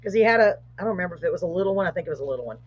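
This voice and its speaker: A middle-aged woman, hosting a live show and telling a paranormal story in a casual, animated way, with rising excitement. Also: on the low side, very fast, slightly rough. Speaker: host. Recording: muffled lo-fi live stream audio.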